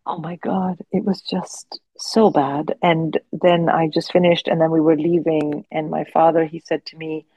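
A woman in her forties, a guest comedian telling animated stories in casual podcast chat. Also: low voice, unhurried, hardly any pauses, slightly rough, no room sound, dull audio. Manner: animated, expressive anecdotes with frequent restarts.

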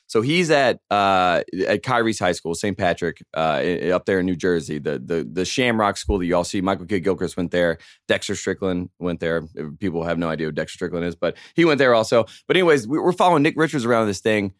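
Young male podcast co-host, low voice, dry close mic, excitable rambling storyteller. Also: brisk, few pauses, no room sound. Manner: animated, rambling storyteller with many restarts. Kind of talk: casual sports chat.

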